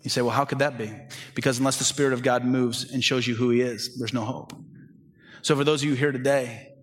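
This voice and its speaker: A middle-aged man preaching a sermon as pastor, earnest, swinging from urgent, raised delivery to hushed, quiet appeals. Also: mid-range voice, steady tone, brisk.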